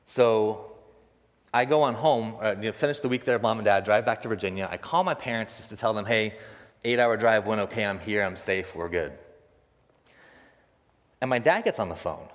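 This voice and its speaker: A young man preaching a sermon, telling a personal story in an animated way and acting out the other people's voices, laughing often. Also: on the low side, normal speed, long pauses. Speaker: pastor. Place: church sanctuary. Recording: long reverb of a church hall.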